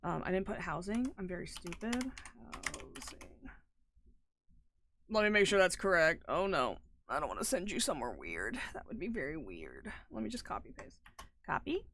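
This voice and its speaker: Game streamer, woman; bright, forceful tone, excitable and profane, mutters then bursts out. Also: on the low side, normal speed. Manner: excitable, swings from mutters to loud outbursts, swears freely. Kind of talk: casual live-stream chatter.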